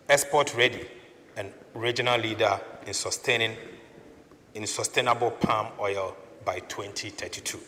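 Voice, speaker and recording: A man's voice: lowish voice, bright, forceful tone, in a large hall, a little hiss or hum. A man with a Ghanaian accent delivering a formal parliamentary budget speech, declaiming and repeatedly addressing the Speaker. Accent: Ghanaian English. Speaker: finance minister presenting budget. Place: parliament chamber.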